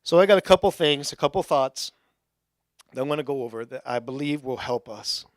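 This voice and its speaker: Animated male pastor preaching a sermon. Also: medium pitch, a little fast, dry recording, clean studio sound. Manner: conversational, joking asides, rising to excited shouts. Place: church sanctuary.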